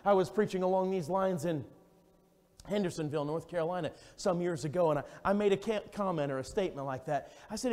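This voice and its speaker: A man preaching a fervent revival sermon as an evangelist, swinging between loud, urgent exclamations and hushed, intimate storytelling. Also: sits high, fast. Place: church sanctuary. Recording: long church reverb.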